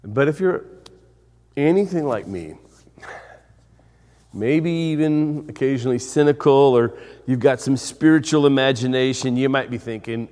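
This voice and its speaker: A man's voice: medium pitch, unhurried, long pauses. Dynamic male preacher in a reverberant hall. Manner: dynamic preaching, swinging from loud to hushed, with repeated phrases. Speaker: pastor. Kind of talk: sermon.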